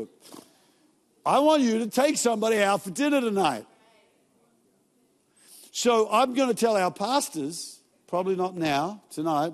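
Male pastor, fairly high voice, casual joking sermon delivery, recorded with long church-hall reverb. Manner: casual, joking storytelling with quick asides.

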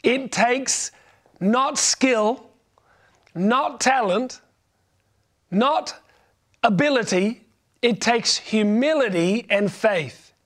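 A man's voice: very high-pitched, animated, drawn-out words, pauses often, a bit bright. A man preaching a sermon, conversational and humorous as he tells a personal story. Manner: conversational and humorous, frequent restarts.

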